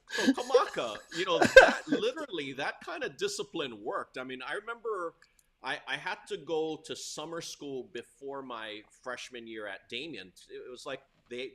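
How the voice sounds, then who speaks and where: A middle-aged man from Hawaii, a tennis coach, telling stories from his school years as a guest, laughing often and getting loud at the tense moments. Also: medium pitch. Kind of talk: storytelling interview.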